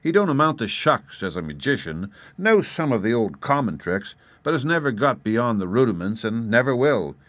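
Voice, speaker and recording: A man narrating an audiobook in the first person, wry and expressive, and animated when he voices his own character's lines. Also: mid-range voice, moderate pace, few pauses, dry recording.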